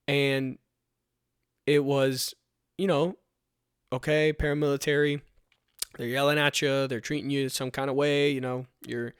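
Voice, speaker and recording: A man's voice: on the high side, no room sound, studio quality. A young man hosting a podcast about his fire recruit training, giving an earnest, emphatic motivational talk that repeats rallying commands.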